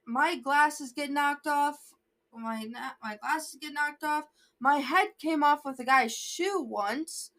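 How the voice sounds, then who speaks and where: A woman's voice: high voice, a bit bright. A young woman vlogger telling a rambling story, often sidetracking and restarting her sentences. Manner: rambling, sidetracked, self-interrupting.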